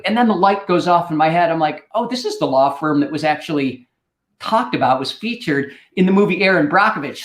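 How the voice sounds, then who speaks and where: A middle-aged man spins a casual anecdote on a livestream and keeps tossing in "right?" as he goes. His voice sits a little high. The room around him rings noticeably. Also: echoey room. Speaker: host.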